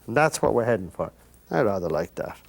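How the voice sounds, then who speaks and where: A man's voice: lowish voice, sing-song, a little fast, vocal fry, breathy edge. An older Irish man hosting a painting lesson, chatting to the viewer in rambling, folksy asides while he works. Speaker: painting instructor and host.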